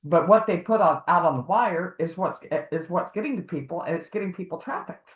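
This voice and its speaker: Talking fairly quickly in a low-leaning voice, a livestream guest who advocates for harassment victims rambles through a lengthy story, mimicking the people she quotes. Her audio sounds echoey, tinny and phone-like.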